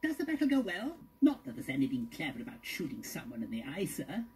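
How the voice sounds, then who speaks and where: Game soldier, eager, deferential, lively pitch, loud crowd noise. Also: quick pace.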